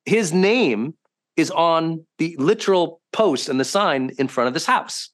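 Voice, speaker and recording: A man hosting a podcast, a high-performance coach telling stories in a lively, conversational way and acting out quotes with sudden bursts. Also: a little slow. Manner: animated, swings into loud acted quotes. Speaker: host.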